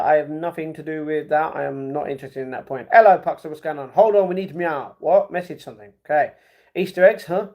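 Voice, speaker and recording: A man's voice: fairly high pitch, a little mellow. A young man chatting casually with viewers as he reads out his live stream chat. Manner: chatty, banters with viewers, slangy. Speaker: livestream host reading chat.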